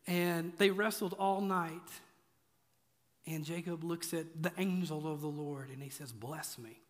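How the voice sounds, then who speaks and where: A man's voice: fairly high pitch, steady tone, measured pace. A man preaching a sermon in a casual, joking way, driving points home with repetition. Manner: conversational, joking, emphatic repetition. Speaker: pastor. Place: church auditorium. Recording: echoey church hall.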